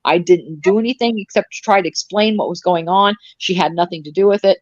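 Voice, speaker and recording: A woman's voice: lowish voice, brisk, darkish tone, dry recording. A middle-aged woman in casual live-stream chat, rambling and sarcastic with many restarts. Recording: dull, dry lo-fi stream audio.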